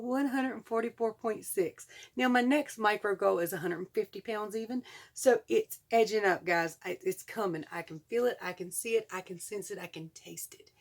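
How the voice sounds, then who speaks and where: A woman in her forties with a Southern US accent, chatting excitedly to her vlog viewers and laughing often. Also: mid-range voice. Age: 40s. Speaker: vlogger. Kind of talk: casual chat to camera.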